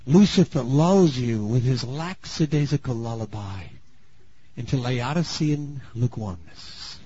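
A man preaching a sermon, dramatic and swinging from loud bursts to hushed asides. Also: medium pitch, lively intonation, a little slow, slightly rough. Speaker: pastor. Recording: dull lo-fi sound.

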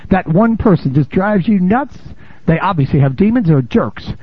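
A man preaching a sermon in a lively, conversational way, laughing and calling out "amen?" to the congregation, on a dull, lo-fi recording. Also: high-pitched, normal speed, breathy edge, dry recording. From United States. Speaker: pastor.

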